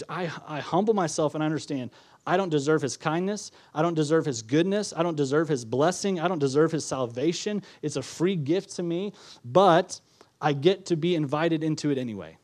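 A man with a slightly higher-than-usual voice preaches a sermon before his congregation. He is earnest and repeats key phrases, often asking the listeners questions as he teaches. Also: a little mellow. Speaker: pastor.

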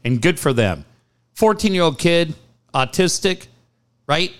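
A man in his forties hosting a talk radio show, telling blunt, animated stories with swearing and reading ads. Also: a little high, measured pace. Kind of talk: casual sports talk and live ad reads.

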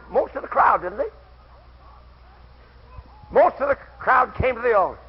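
Husky high-voiced old-time preacher, shouting. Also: male voice, expressive, unhurried, long pauses. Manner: shouting, fervent, storytelling with quoted voices. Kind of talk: old-time camp meeting sermon. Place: camp meeting hall. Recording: dull lo-fi old tape recording.

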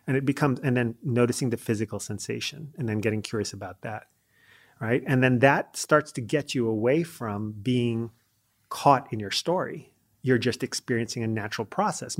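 Male podcast guest at a middle pitch, chatty and animated, who acts out quoted lines. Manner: lively storyteller acting out quoted lines; frequent fillers like "like" and "you know". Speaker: podcast guest, leadership coach. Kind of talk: conversational interview.

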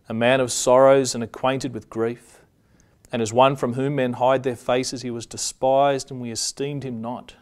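Man, preacher, sermon, scripture reading, measured, mid-pitched voice. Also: darkish tone.

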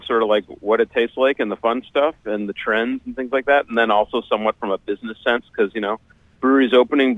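A man being interviewed as a guest on a radio show, answering in a measured, explanatory way with many hesitant fillers. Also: medium pitch, dry recording, phone-quality sound. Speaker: guest, beer writer.

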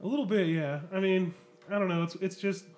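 A man's voice: sits high, brisk, a little mellow. A man co-hosting a podcast in casual chat, often hesitating, trailing off and mixing up his words. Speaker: podcast co-host.

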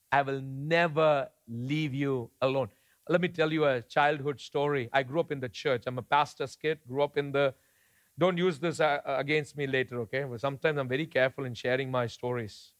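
A man from India, preaching a sermon in a conversational way that moves between soft storytelling and emphatic points. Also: fairly high pitch. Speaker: pastor.

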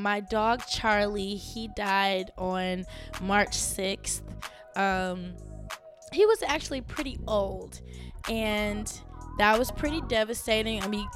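A woman in her thirties hosting her own podcast from home, chatting casually and animatedly, laughing and jumping up high when she quotes her own thoughts. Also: fairly bright tone. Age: 30s. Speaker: podcast host. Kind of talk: casual solo podcast chat.

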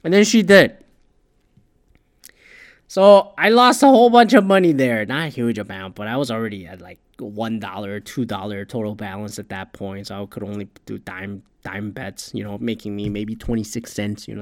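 A man in a casual, profane, self-mocking monologue, dropping to mumbles and then bursting out loud. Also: lowish voice.

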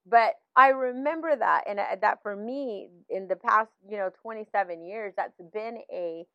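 A woman's voice: medium pitch, normal speed, no room sound. Middle-aged woman telling a faith story. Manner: animated storytelling, many fillers and restarts. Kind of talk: personal faith testimony in casual talk. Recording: dull, slightly lo-fi, dry sound.

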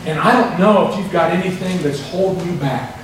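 A male pastor's high-pitched, brisk voice carries from a distance through an echoey church sanctuary. He preaches a sermon, telling folksy stories between scripture readings, and the congregation answers him.

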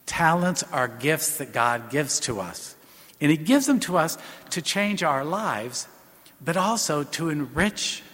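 A man preaching as a parish priest, retelling a personal story in an unhurried way and repeating what he was told. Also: a little high, a bit bright. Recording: long church reverb.

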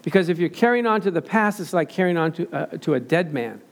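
A man's voice: on the high side, expressive, fast talker. An older man preaching a sermon in a conversational way, telling everyday stories and acting out what people said. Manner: conversational storytelling, acts out quotes.

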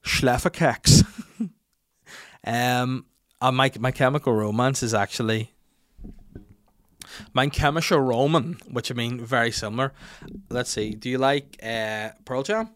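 A young man hosting a podcast, telling a rambling, self-mocking story and getting louder when he quotes himself. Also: mid-range voice, steady tone, moderate pace, clear, resonant tone. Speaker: podcast host. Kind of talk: casual chat and anecdote.

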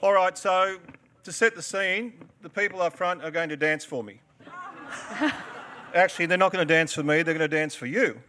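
An Australian man in his forties talks to a live audience from a stage, his voice sitting a touch high for a man. He tells a story, cracks jokes and coaches the people up front through a dance. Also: moderate pace, sharp tone, slight background noise. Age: 40s. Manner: joking, storytelling, instructing a crowd. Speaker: dancer and performer.

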